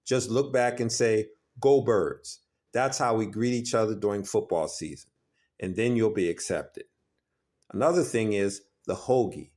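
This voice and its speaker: Man, slightly low voice, upbeat English teacher, scripted lesson. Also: normal speed, darkish tone. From Philadelphia, USA. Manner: upbeat, explanatory, acts out sample phrases.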